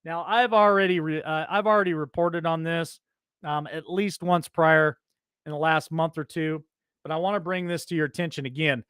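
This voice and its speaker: A man's voice: on the high side, fairly even intonation, moderate pace, clean tone, no room sound, clean studio sound. A man hosting an opinion show, reading news headlines aloud and breaking off into heated, indignant commentary. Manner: reads headlines then breaks off into loud indignant rants.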